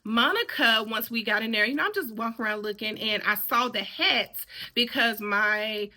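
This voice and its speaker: A woman in her forties from talks casually to the camera, chatty and rambling, with plenty of "y'all" and side stories. Her voice is hoarse and worn out. Underneath the hoarseness it sits slightly high and sounds bright and forceful. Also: normal speed. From Birmingham, Alabama. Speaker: sewing vlogger.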